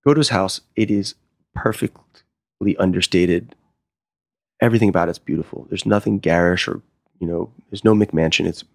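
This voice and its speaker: Gravelly low-voiced man telling stories. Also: no room sound, clean studio sound. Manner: animated, acts out quoted dialogue. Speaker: sommelier and wine consultant. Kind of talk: casual interview storytelling.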